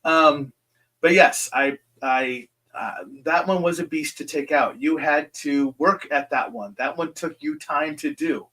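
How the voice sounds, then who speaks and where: A man hosting a live viewer Q&A, his voice sitting a bit higher than most men's. He talks in a loose, rambling way, pausing on "um" a lot while reassuring each person directly. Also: bright, forceful tone. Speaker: host answering viewer questions. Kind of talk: live Q&A stream.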